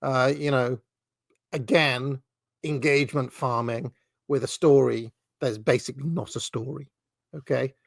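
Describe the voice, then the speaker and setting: A man's voice: mid-range voice, steady tone, measured pace, creaky, no room sound, clean studio sound. A man hosting a commentary channel, ranting sarcastically about fake news and swearing often.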